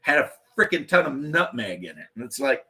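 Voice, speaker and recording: Man, podcast host, rambling, swears freely, husky tone. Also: fairly high pitch, animated, fairly quick, bright, forceful tone. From Eastern Kentucky, USA. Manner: rambling, profane, blunt. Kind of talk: casual chat.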